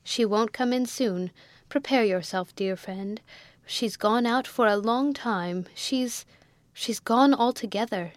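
A woman's voice: a little high, takes it slowly, no echo. A woman voicing a scheming, gossipy middle-aged sister-in-law who speaks in a breathless, falsely solicitous way.

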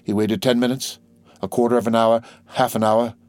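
Male audiobook narrator, mid pitch, dry close sound, measured storytelling. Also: flat delivery, darkish tone, no room sound. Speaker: audiobook reader. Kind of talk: scripted narration of a classic novel.

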